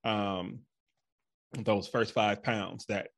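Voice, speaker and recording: A man's voice: fairly low pitch, steady tone, extremely slow, vocal fry, a bit bright. A man hosting a fitness podcast, chatting casually and rambling with many fillers and restarts. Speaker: podcast host. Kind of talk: casual interview chat.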